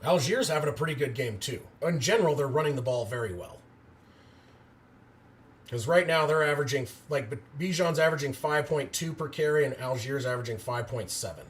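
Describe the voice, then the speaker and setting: Loud cheers punctuate this excitable amateur's live football commentary, and he talks with viewers between plays. His mid-range voice moves fairly quickly.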